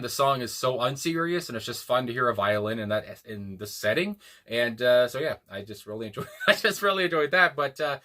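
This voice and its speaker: A man's voice: mid-range voice, sharp tone. A man hosting a casual music reaction, rambling with lots of fillers and restarts and the occasional swear. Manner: rambling, many fillers and restarts, laughs to himself.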